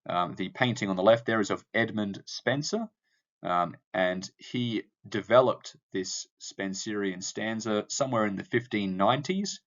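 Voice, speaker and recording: A man's voice: on the low side, dull audio. A male teacher explaining a poem to his class, with frequent ums and uhs. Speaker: English teacher. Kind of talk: lecture on poetry analysis.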